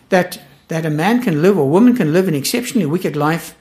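A man leads a Bible study in an earnest, emphatic manner. His voice sits a little high, and he drives each point home by repeating it. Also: animated, a little fast, few pauses, darkish tone. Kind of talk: Bible teaching.

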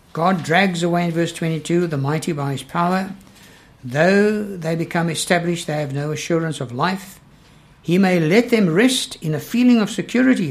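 Earnest man preaching, slightly high voice. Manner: earnest, repetitive emphasis, reading scripture slowly. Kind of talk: sermon.

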